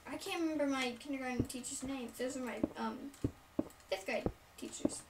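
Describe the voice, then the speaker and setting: Young woman storyteller, high voice, rambling, filler-heavy; recorded from a distance with noisy background. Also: normal speed. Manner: rambling, many fillers, side remarks. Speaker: storyteller vlogger. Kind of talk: casual story time. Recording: distant mic, noisy room.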